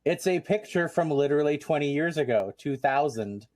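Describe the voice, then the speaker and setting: A man's voice: on the high side, animated, moderate pace, a little mellow, no room sound. Rambling man hosting a panel. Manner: rambling, full of ums and restarts. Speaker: convention chair, panel host.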